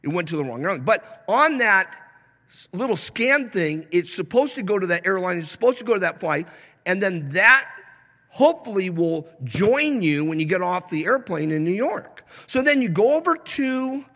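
A man preaching a sermon as pastor, shifting between conversational storytelling and emphatic preaching with swings in pace and loudness. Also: high voice, gravelly. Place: church sanctuary. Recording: long hall reverb.

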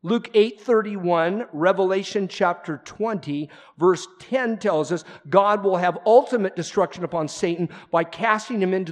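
Male pastor, fairly high-pitched, emphatic conversational preaching with loud bursts and hushed asides. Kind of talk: sermon.

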